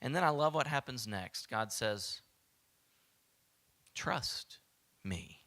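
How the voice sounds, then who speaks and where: Southern guy preaching, bright forceful voice, animated, acts out the voices, drops to a whisper sometimes. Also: mid-range voice, moderate pace. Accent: Southern American. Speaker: pastor. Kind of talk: sermon.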